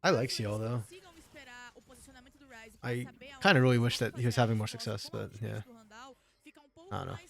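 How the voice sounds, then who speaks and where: A man's voice: mid-range voice, steady tone, moderate pace, gravelly, pauses often, fairly bright tone. A man co-streaming an esports match, talking in a chatty, laid-back way and answering chat. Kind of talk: casual live-stream commentary.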